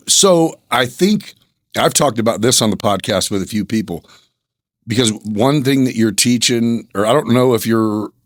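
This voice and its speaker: Laid-back lower-voiced male podcast host. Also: no echo, clean studio sound. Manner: easygoing, swears casually, laughs often. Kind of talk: casual interview chat.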